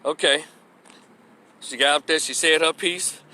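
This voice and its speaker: A man's voice: a little high, fairly even intonation, unhurried, sharp tone. A man ranting into the camera with his opinions, blunt, profane and mocking. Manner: blunt, profane and mocking, mimics people in exaggerated voices. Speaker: commentary vlogger.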